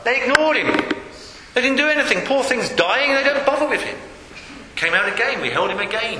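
A man delivers a sermon in a high, piercing voice that rises and falls dramatically. He speaks slowly and hammers his key phrases through repetition. The hall around him rings with a long reverb, with faint noise underneath. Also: expressive. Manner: emphatic, repeats key phrases. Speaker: preacher. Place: church hall.

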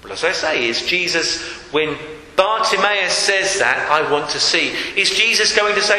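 Male preacher, bright ringing tone, slow deliberate delivery, long church reverb. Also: high-pitched, very animated. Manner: slow, emphatic, repeats key phrases. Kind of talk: sermon. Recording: echoey hall with long reverb.

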